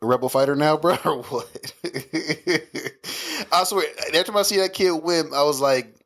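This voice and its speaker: A man's voice: a little high, measured pace, a bit bright. A man co-hosting a podcast in casual chat, laid-back and chuckling. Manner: laid-back, chuckling, backs up his co-host. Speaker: podcast co-host.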